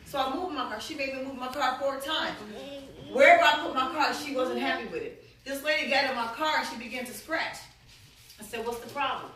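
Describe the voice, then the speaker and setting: A woman pastor giving a sermon testimony, telling her story with animated voices and frequent laughter. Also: sits high, a little fast, slight background noise. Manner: animated storytelling, acts out dialogue, laughs often. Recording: echoey room, from far off.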